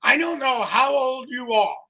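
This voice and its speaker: Gravelly, teasing young man. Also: extremely high pitch, unhurried. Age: 20s. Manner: teasing, bursts into loud exclaiming. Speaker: co-host. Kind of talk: casual comedic chat.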